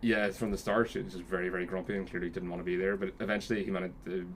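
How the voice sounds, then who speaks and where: Fast-talking, swearing podcast host, man. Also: deep voice, slight background noise. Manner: fast, animated, swears often. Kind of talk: casual chat.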